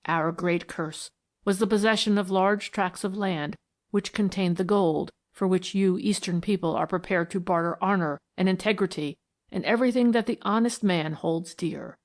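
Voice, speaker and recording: A woman's voice: fairly low pitch, normal speed, lightly acted. A woman voicing a solemn, menacing male mystic, the last of his tribe, who speaks in a grave, prophetic manner.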